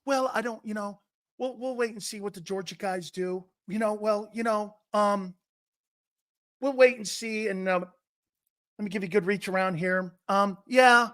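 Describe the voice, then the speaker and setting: Brash middle-aged guy ranting on a sports show, high bright voice, swears a lot. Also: moderate pace, no room sound, clean studio sound. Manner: brash, profane, storytelling with voiced impressions. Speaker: sports talk show host. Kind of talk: animated sports talk monologue.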